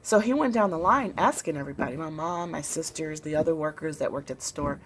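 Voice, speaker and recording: A woman from Memphis, Tennessee, telling a personal story to camera in a soft-spoken, relaxed way with plenty of fillers. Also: deep voice, fast talker, slight background noise, low-quality recording. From Memphis, Tennessee, USA.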